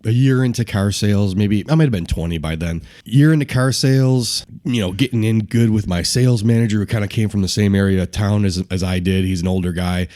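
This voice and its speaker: A man in his forties from the Buffalo area, telling a rough-and-ready story on a podcast, laughing often. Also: fairly low pitch, fairly quick, few pauses, mellow. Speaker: podcast co-host. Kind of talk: casual storytelling.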